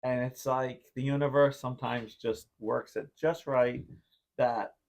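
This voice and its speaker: His voice is mid-range, creaky and steady, and he speaks unhurriedly while hosting a podcast. The long, rambling anecdote is loaded with "like," and he reenacts his own past reactions.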